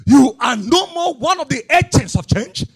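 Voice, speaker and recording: A middle-aged man preaching a fiery sermon. He repeats his lines, swings from hushed to shouting in a sing-song cadence, and bursts into tongues. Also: very high-pitched, very animated, normal speed, creaky, slightly rough.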